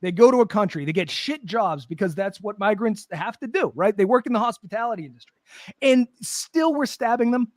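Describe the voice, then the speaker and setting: A man with a high, swooping voice rants through a casual podcast chat, profane and sarcastic. He sounds dry and close to the mic. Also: expressive, brisk, dry recording. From United States. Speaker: podcast co-host.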